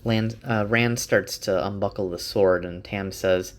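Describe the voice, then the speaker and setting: A man's voice: fairly low pitch, a little slow. A man casually retelling a novel chapter by chapter, with occasional restarts. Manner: relaxed, slight restarts. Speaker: book summarizer.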